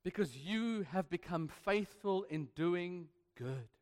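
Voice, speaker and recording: A man's voice: high voice, expressive, slow, big-room sound. A man preaching a sermon as pastor, emphatic and playful, with repeated refrains and asides to the congregation. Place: church hall.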